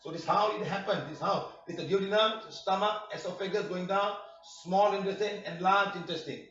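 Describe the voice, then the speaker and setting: Emphatic high-voiced man. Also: a little fast. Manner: emphatic, shouting, with many rhetorical questions. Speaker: healing workshop teacher. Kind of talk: classroom lecture. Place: workshop room. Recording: roomy, distant, dull lo-fi room recording.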